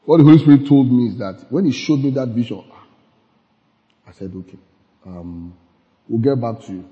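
A man's voice: medium pitch, normal speed. A man preaching a casual, conversational sermon, laughing often and checking whether his listeners follow. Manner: laughs often, asks the audience if they follow. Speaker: pastor. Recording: muffled sound with long hall reverb.

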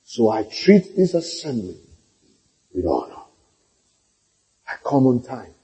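A man's voice: mid-range voice, slow pace, slightly rough, rough recording. A male pastor preaching a sermon, telling stories and calling for amens. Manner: storytelling, animated, calls for amens.

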